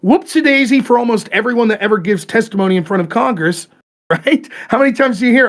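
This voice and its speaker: A man's voice: very high-pitched, lively intonation, fast. A man hosting a podcast, ranting animatedly about politics in casual, profane talk. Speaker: podcast host.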